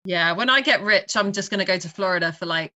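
A woman's voice: mid-range voice, fast talker, pushed and bright. A British woman guesting on a podcast, chatty and hesitant, laughing often. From Britain. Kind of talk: casual interview chat.

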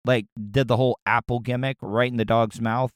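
A man's voice: medium pitch, little pitch movement, normal speed, clear, resonant tone, no room sound, clean studio sound. A man hosting a radio show, riffing on a news story with crude, rambling jokes and frequent restarts. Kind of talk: casual comedic commentary.

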